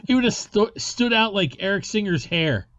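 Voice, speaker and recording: A man with a high-pitched voice hosts a podcast in a loose, rambling way and swears casually. The sound is dry and a little dull, as if lo-fi. It is casual podcast chat. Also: lively intonation, normal speed, a bit bright, dry recording. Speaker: podcast host.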